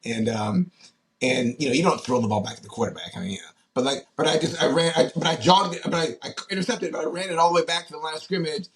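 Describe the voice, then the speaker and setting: Higher-voiced man telling animated stories. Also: fast talker. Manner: animated anecdotes, many fillers and restarts. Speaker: former pro football player, guest. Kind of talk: casual interview storytelling.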